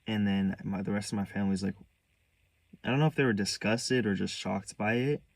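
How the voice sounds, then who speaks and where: Low gravelly young man, halting. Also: a little mellow, no echo. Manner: halting, restarts often, earnest and hurt. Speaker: vlogger. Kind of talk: candid personal storytelling.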